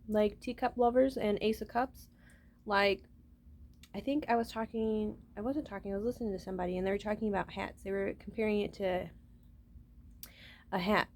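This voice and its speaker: A woman's voice: a little high, darkish tone. A woman talking to her viewers in a rambling, casual vlog monologue, swearing freely and often starting with "listen". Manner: rambling, profane, keeps saying "listen". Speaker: vlogger.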